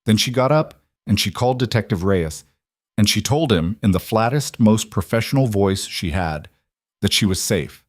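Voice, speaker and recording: Low-voiced male audiobook narrator. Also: animated, moderate pace, dry recording, studio quality.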